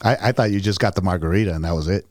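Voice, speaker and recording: Lower-voiced man cracking jokes. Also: very fast, darkish tone. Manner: joking interjections, chuckling. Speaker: podcast co-host. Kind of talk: casual chat.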